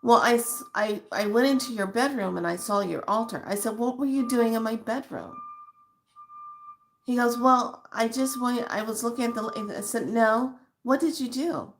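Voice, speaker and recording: A middle-aged woman recounts a personal story to her viewers with animated emotion. Her voice sits fairly high for a woman. She mixes quiet reflection with heated, acted-out dialogue. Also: moderate pace, slight background noise. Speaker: spiritual vlogger.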